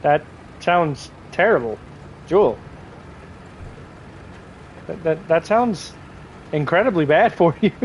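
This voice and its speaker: Man, fairly high voice, rambling game streamer, faint background hum. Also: lively intonation, slow, long pauses, poor audio. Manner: rambling, joking, talks to chat while playing. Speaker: gaming livestreamer. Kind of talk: casual live gameplay chat.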